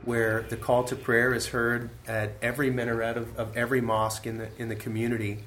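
A man's voice: medium pitch, monotone, a little fast, fairly bright tone, slight background noise. A man hosting an interview, asking long rambling questions with restarts in a casual way. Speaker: podcast host.

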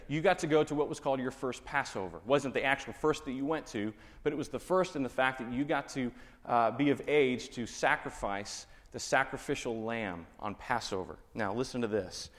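Texan pastor preaching in a reverberant hall. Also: male voice, medium pitch. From Texas. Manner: conversational teaching with rhetorical questions. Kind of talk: sermon.

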